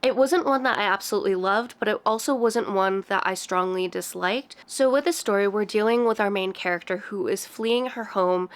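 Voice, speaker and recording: A woman's voice: mid-range voice, a bit bright, clear, resonant tone. A woman who is sick, chatting casually and candidly as she reviews books she read, laughing often. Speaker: book reviewer. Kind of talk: casual book review chat.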